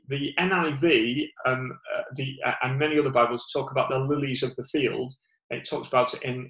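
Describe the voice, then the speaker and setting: A man's voice: medium pitch, a bit bright, roomy sound, low-quality recording. Northern English man preaching, rambling. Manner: rambling, many fillers and restarts. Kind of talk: informal sermon.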